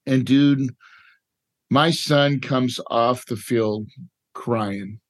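Middle-aged man, mid-pitched, candid storytelling, repeats "right?", emotional. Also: very slow. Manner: emotional, repetitive, says "right?" and "dude" often. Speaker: podcast guest, real estate investor.

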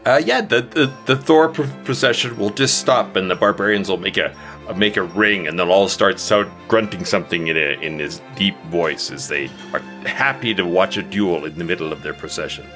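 A man's voice: sits low, normal speed, fairly bright tone, faint music behind. A man narrating a tabletop game as dungeon master, describing scenes and laughing easily as he goes.

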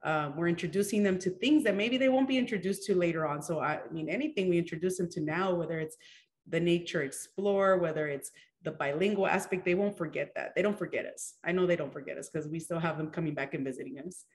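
Woman in her 40s rambling about her kids program, lots of ums, lowish voice. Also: fast. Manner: warm, rambling, many fillers and restarts. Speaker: children's program director. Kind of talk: casual interview chat.

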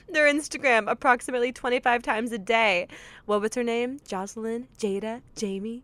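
A woman's voice: on the high side, fairly even intonation, normal speed, fairly bright tone, dry recording. Wry woman reading fan fiction. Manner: dramatic, amused, wry comments. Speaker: podcast co-host. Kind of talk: reading fan fiction aloud, with joking asides.

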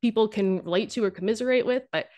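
Speaking quickly at a medium pitch, this young dating content creator sounds dark in tone, with the highs cut off. She's a guest in an interview, joking around loosely and constantly restarting or filling pauses.

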